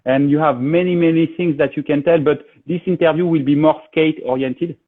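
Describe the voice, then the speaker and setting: A man with a French accent hosts a live interview over a video call. His voice sits a bit high for a man, and he halts and repeats his words as he works through his English. He slips into French now and then. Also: fairly even intonation, a little fast, breathy edge, phone-quality sound. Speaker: host.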